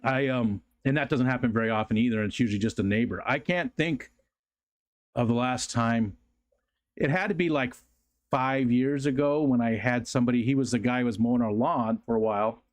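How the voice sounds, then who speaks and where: A man hosting a casual livestream from his home, rambling easily with plenty of fillers as he reads viewer comments. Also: fairly quick. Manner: rambling, easygoing, many fillers; rises to a high sing-song baby voice when talking to his dog. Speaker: livestream host. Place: home room.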